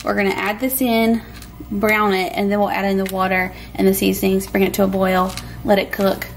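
A woman's voice: medium pitch, level tone, brisk, a little hiss or hum. A woman, chatting upbeat in her home kitchen while she cooks for her vlog. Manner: chatty, upbeat, says "y'all". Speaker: vlog host. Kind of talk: casual cooking vlog chat.

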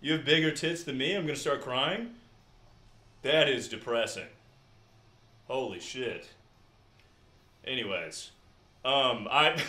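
This young male streamer chats casually with viewers between game rounds, swearing freely. His medium-pitched voice has lively intonation, a slow pace with long pauses, and a pushed, bright quality, all heard in a roomy, echoing space.

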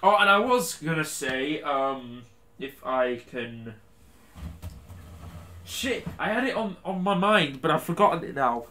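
A man's voice: a little high, lively intonation, unhurried, sharp tone, slight background noise. Sweary man ranting over a game. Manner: sweary ranting, laughs a lot. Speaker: game reaction host. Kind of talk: casual game commentary.

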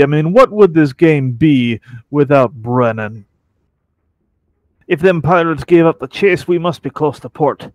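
Reading game dialogue, a man voices a worldly, rough-talking seafaring adventurer with a folksy put-on drawl. His natural voice sits on the high side, here pitched below his own, and the recording is dry.

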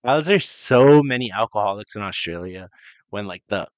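A man's voice: lowish voice, animated, moderate pace, no echo, dull audio. A young man co-hosting a podcast, telling rambling made-up stories in casual chat, swearing a lot and laughing often. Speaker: podcast co-host.

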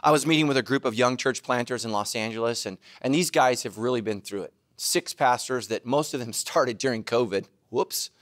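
A middle-aged man preaching a sermon, self-mocking and animated, now and then bursting into shouts. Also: medium pitch, a little fast, few pauses, no room sound, studio quality. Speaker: pastor.

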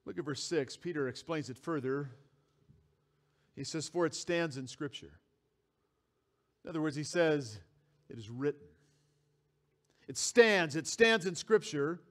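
A man's voice: a little high, lively intonation, unhurried, long pauses. A man preaching a sermon as pastor, reading scripture aloud and repeating key phrases for emphasis. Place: church sanctuary.

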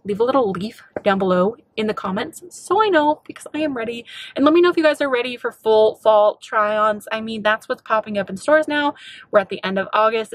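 A woman's voice: medium pitch, fairly bright tone, no room sound. A woman fashion vlogger chatting casually to camera, bubbly and rambling, often trailing off and restarting. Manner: bubbly, rambling, self-interrupting.

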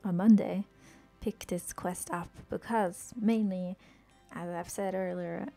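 A woman streaming a game live, chatting excitedly and swearing, sick with a headache. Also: lowish voice, slow, vocal fry, soft background music. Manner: excitable, swears often, laughs, trails off. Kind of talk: live gameplay commentary.

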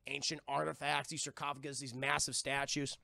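A man's voice: mid-range voice, level tone, fairly quick, creaky, bright, forceful tone, no room sound. A young man streaming a cartoon review, recapping the episode in rambling, profane casual chat to his viewers. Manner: rambling and profane, addresses chat, lots of fillers.

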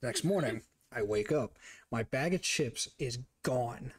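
A man in his twenties casually telling a funny story as a streamer, animated and profane, laughing as he talks. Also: mid-range voice, measured pace, slightly rough.

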